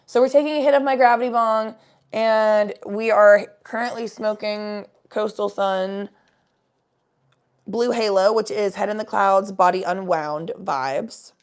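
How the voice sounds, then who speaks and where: A young woman with a gravelly, fry-touched voice at a middle pitch chats loosely with her viewers. Her talk rambles and she swears freely. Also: steady tone, a little slow. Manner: rambling, swearing, laid-back chat with viewers. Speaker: livestream host. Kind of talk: casual chat.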